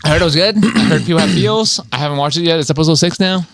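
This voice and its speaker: A male podcast co-host in casual chat, with lively halting speech, restarts and swearing. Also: on the high side, gravelly, no room sound, clean studio sound.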